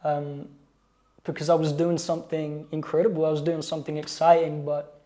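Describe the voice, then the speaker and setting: A man talks as a guest in a casual interview. His delivery is relaxed and slangy, full of easygoing asides. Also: fairly high pitch, normal speed. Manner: relaxed, slangy, often says "you know what I mean". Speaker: guest, actor and musician. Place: indoors, seated at a table decorating biscuits.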